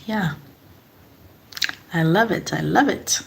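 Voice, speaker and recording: A woman's voice: on the low side, slow, creaky. A young woman from Nigeria chatting casually with her live-stream audience, laughing often and repeating herself.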